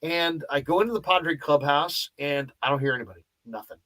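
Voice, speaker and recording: A man hosting a casual sports radio show, telling anecdotes as a lively storyteller who acts out the dialogue. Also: a little high, brisk.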